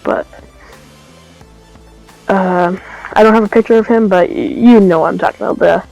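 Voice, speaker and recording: Rambling woman with a gravelly voice. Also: fairly low pitch, darkish tone, no echo, low-quality recording. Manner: rambling, trailing off, self-correcting. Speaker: fan storyteller. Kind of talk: casual improvised storytelling.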